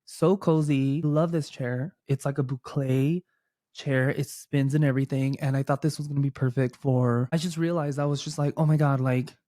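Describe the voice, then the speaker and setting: A young man chats into his desk mic at home like he's catching up with friends, gushing and rambling with plenty of fillers. His voice sits at an ordinary middle pitch, and the sound is close and dry, with no room echo. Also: moderate pace. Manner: chatty, animated, lots of fillers. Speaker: podcast host. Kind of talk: casual chat. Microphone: desk microphone.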